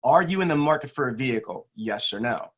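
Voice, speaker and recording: A man's voice: mid-range voice, expressive, a little fast, fairly bright tone, breathy edge. A man chatting on a podcast and telling a joke, talking directly and animatedly about car sales. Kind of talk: casual podcast chat.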